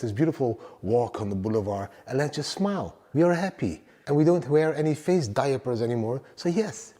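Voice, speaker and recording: Upbeat man with a mellow voice. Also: medium pitch, big-room sound. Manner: enthusiastic, repeats "guys" and "for example". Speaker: crypto YouTuber. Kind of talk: casual monologue with trading and travel tips.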